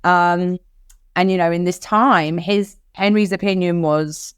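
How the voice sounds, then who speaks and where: A woman's voice: fairly low pitch, unhurried, smooth, no room sound. Australian woman telling a story, dry close mic. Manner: animated, acts out quotes in other voices. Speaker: podcast co-host. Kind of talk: candid storytelling chat.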